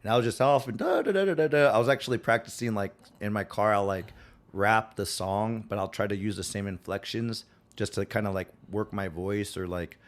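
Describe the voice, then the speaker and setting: A man's voice: fairly low pitch, steady tone, moderate pace. A man speaking as a podcast guest in casual conversation, with a Western twang and lots of filler words. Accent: American, Western twang. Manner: rambling, many fillers, acts out quotes.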